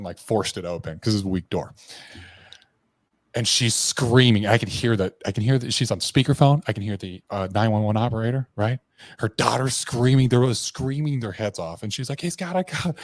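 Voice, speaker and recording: Man, podcast guest, blunt candid storytelling, slangy and profane, lowish voice, dry close sound. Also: no echo.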